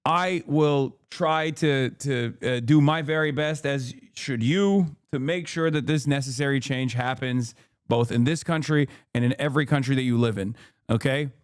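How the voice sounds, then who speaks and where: A sarcastic American man, a streamer and political commentator, rants fast and profanely during live-stream political commentary. His mid-range voice is clear and resonant, recorded in studio quality with no echo.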